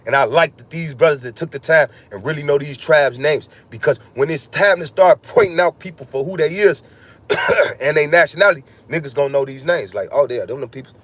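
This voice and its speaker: A man talks in a heated, profane rant, his voice sitting fairly high. He swears constantly and jumps from point to point in a freewheeling podcast monologue. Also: fairly quick, a bit bright. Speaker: podcast host.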